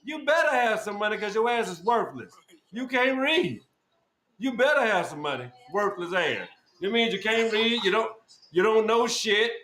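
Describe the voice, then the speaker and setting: A man hosting a podcast who berates his guest in a loud, repetitive, profane rant. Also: sits high, very animated, normal speed. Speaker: podcast host. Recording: echoey room with faint noise.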